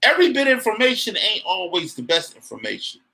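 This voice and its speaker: A man with a bright, ringing tone and a lively, rising and falling delivery. He talks bluntly and curses freely in relaxed podcast banter, his voice a little higher than most men's. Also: fast, vocal fry. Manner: blunt, profane, animated. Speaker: podcast co-host. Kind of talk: casual chat.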